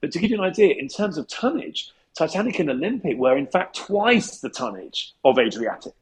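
A male historian, a guest on the show, giving long, measured, anecdotal answers and pausing with ums as he thinks. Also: on the high side, sing-song, rough recording. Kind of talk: explanatory interview answers.

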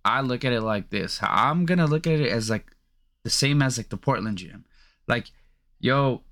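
A man's voice: mid-range voice, lively intonation, moderate pace, a bit bright. A young man hosting a sports podcast, ranting in a heated, profane, rambling way full of fillers. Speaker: podcast host. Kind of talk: casual sports podcast rant.

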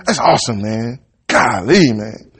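Speaking in a mid-range, slightly rough voice, this preacher is animated yet measured in pace, and a long reverb tail trails his words. He moves between reading verses and riffing to his congregation in relaxed, folksy Southern-style talk.

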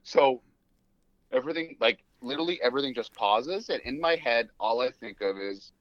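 Young guy, podcast co-host, animated storyteller who swears and laughs a lot, close dry mic. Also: medium pitch, moderate pace, dry recording. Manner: animated, acts out quotes, laughs often, swears. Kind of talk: casual storytelling chat. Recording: dull dry studio mic.

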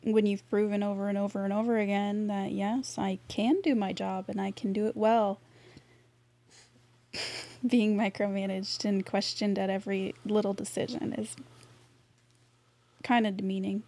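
A woman's voice: medium pitch, flat delivery, moderate pace, long pauses, dark tone. A woman co-hosting a casual podcast chat, speaking thoughtfully and laughing as she talks. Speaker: podcast co-host.

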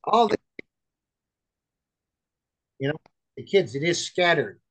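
A man's voice: a little high, sing-song, slow, fairly bright tone, low-quality recording. A man, a chaplain and author, earnestly telling a rambling personal testimony over a remote call, full of fillers and restarts.

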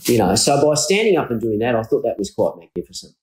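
A man's voice: medium pitch, big pitch swings, fast talker, darkish tone. A man with an Australian accent hosting a podcast interview, talking earnestly and feeling his way through his thoughts. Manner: earnest, searching, many restarts. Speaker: podcast host. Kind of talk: conversational interview. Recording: roomy echo.

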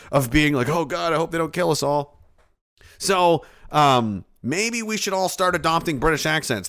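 A man's voice: fairly high pitch, a bit bright. A man hosting a reaction video, rambling and joking with casual profanity.

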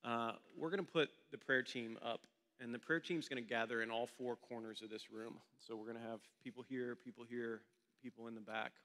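A man's voice: mid-range voice, steady tone, a little fast, sharp tone, big-room sound. A male pastor telling a story during a sermon in a church meeting room, in a loose, conversational way.

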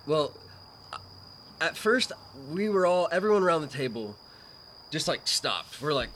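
A man's voice: on the high side, big pitch swings, a little slow, pauses often, a bit bright, slight background noise. A man telling a story in casual chat outdoors at night, laid-back and laughing as he goes. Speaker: podcast guest. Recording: faint outdoor night ambience with crickets.

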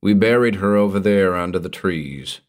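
A man takes on the role of a superstitious backwoods hermit, speaking with a low-pitched, slow country drawl and lively intonation. Every so often the voice drops into a quiet, foreboding hush.

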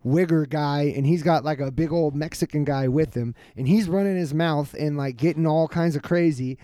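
Man in his thirties, slightly high voice, dry close sound, profane lively storytelling. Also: moderate pace, dry recording. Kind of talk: casual chat.

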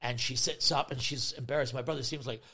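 A man's voice: medium pitch, fast. A man in his forties telling a story on a podcast, laughing often and acting out other people's voices. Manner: animated, laughing, acts out voices. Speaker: comedian guest. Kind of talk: casual storytelling.

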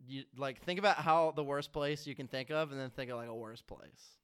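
A man's voice: medium pitch, brisk, clean tone. A young man from Alabama, a podcast guest chatting casually and telling tall tales with a straight face. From Alabama, United States. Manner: deadpan joking, tall tales told straight. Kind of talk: casual chat.

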